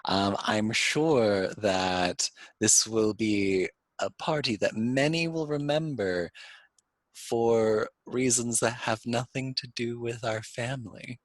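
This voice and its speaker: A man's voice: medium pitch, slow, dry recording, close to an everyday voice. Man voicing a sly mock-polite socialite.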